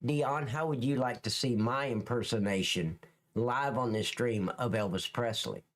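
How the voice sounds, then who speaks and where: A man's voice: medium pitch, moderate pace. Joking, crude middle-aged male streamer. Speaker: livestream host. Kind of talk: casual live-stream chat with viewers.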